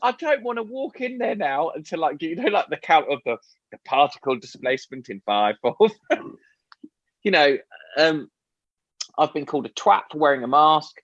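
A man's voice: fairly high pitch, moderate pace, no room sound, dull audio. A middle-aged man in casual podcast chat, telling stories with swearing and laughter. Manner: lively, swearing, laughing storyteller. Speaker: podcast co-host.

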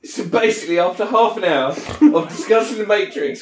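A man's voice: sits high, fairly quick, reverberant, faint music behind. A man co-hosting a podcast, swearing and joking in casual banter. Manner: sweary, laughing, jokey. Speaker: podcast co-host.

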